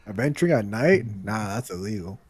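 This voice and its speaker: A man's voice: lowish voice, expressive, brisk, darkish tone, husky, no echo. A man playing a tabletop game, talking in a joking way. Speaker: player. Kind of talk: casual tabletop play.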